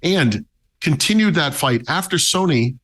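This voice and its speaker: A man's voice: a little high, animated, a little slow, fairly bright tone. A man talking casually as a tech podcast commentator, wry and chatty, with many fillers and restarts.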